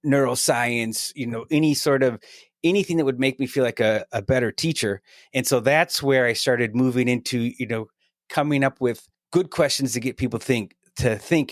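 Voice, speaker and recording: Middle-aged guy chatting on a podcast, energetic, keeps saying "right?", mid pitch. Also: dry recording, studio quality. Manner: energetic, chatty, often adds "right?" to his points. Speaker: podcast guest. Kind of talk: casual podcast conversation.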